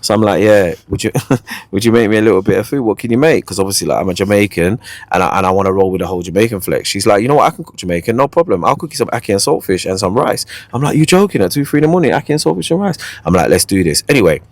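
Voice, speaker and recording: Male podcast host, lowish voice, quick playful storyteller, dry close sound. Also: dry recording. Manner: animated, playful storyteller who repeats catchphrases. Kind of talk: casual storytelling chat.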